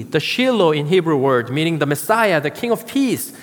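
A man preaching a sermon as pastor, slow and emphatic, pausing to stress key words. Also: fairly high pitch, big pitch swings, big-room sound.

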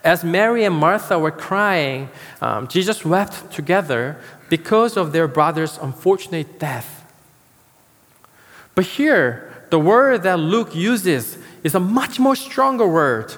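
A man preaching a sermon as pastor, building emphasis with dramatic pauses and repeated key words. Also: on the high side, lively intonation, a bit bright, big-room sound.

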